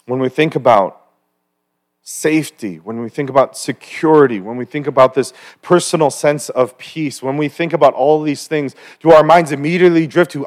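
Male pastor, fairly high voice, chatty sermon with asides, swells into emphatic questions. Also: moderate pace. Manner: conversational, with personal stories and asides; builds to louder, higher emphatic questions. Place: church service.

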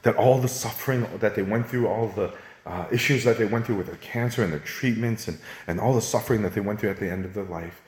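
A man with a lowish voice preaching a sermon in an earnest, conversational way. He talks straight to the congregation and builds into animated, higher stretches. The sound is roomy, as if caught in a sanctuary. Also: fast. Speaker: pastor.

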